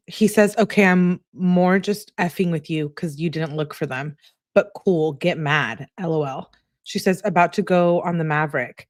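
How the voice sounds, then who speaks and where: A woman's voice: lowish voice, normal speed, no echo, clean studio sound. A woman hosting a true-crime channel, reading text messages aloud and adding chatty asides between the lines.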